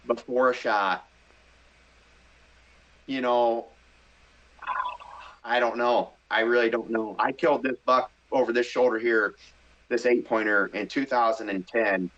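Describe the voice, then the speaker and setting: A middle-aged man from the Midwest telling a story in a casual interview, animated and excitable, acting out his own thoughts. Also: mid-range voice, unhurried, pauses often. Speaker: hunting show host, podcast guest. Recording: slightly dull podcast audio.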